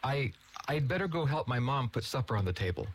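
A man voicing an eager, excitable teenage boy in a read-aloud story. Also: medium pitch, brisk, husky, pitched above the performer's own voice. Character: Kent, excitable young teen boy.

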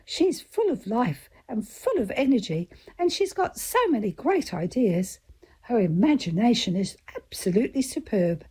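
A woman's voice: a little high, very animated, moderate pace, mellow, breathy edge, voice pushed up, exaggerated voice. A woman voicing a playful elderly great-uncle in a jolly, hearty way in a storybook reading.

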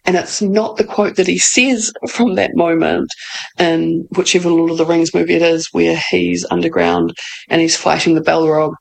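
Chatty woman with a gravelly edge. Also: sits low, low-quality recording. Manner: chatty, laughs often, frequent "like". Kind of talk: casual advice talk.

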